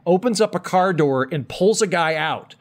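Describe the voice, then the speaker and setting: A man's voice: high-pitched, expressive, normal speed. An American man hosting a comedy podcast, telling rambling stories full of restarts and asides. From United States. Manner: rambling, self-interrupting storyteller. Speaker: podcast host. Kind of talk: casual comedic chat.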